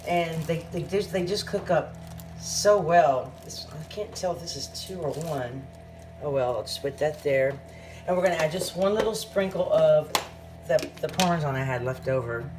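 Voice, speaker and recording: A woman's voice: low voice, normal speed, over music. A woman, hosting a casual home cooking vlog and chatting through each step in her kitchen. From Southern United States.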